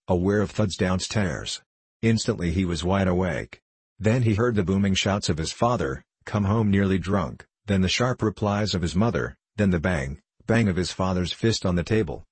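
Deep, husky male audiobook narrator. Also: no room sound. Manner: steady, measured storytelling. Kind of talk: scripted narration of a classic novel.

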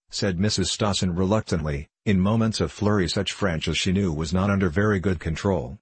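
A man reading a short story aloud in a measured, dryly ironic way. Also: low voice, slightly rough, dry recording. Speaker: narrator.

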